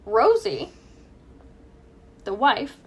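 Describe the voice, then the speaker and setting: A woman's voice: on the high side, big pitch swings, extremely slow, creaky, husky. A woman co-hosting a true crime podcast, chatting casually, joking and laughing at her own asides. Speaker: podcast co-host.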